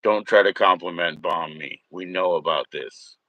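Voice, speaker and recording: A man's voice: low-pitched, normal speed, dry recording, phone-quality sound. A man hosting a casual livestream from home, rambling, swearing and mocking trolls in chat. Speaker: livestream host.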